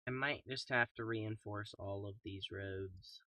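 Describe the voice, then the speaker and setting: A young man casually commentating his own gameplay in a calm, soft-spoken way, throwing in playful made-up sound words. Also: lowish voice, unhurried, no echo, recorded from a distance. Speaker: gaming YouTuber.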